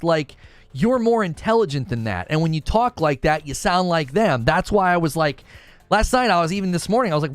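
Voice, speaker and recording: With a slightly high voice and no room sound, a man hosts a gaming commentary livestream, chatting casually with his live chat. He argues his point animatedly and often restarts his sentences.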